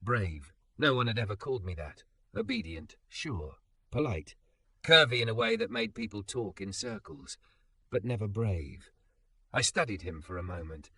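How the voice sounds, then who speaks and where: A man narrating a first-person story with an expressive, emotional delivery. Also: fairly low pitch, moderate pace, gravelly, husky, dry recording, clean studio sound.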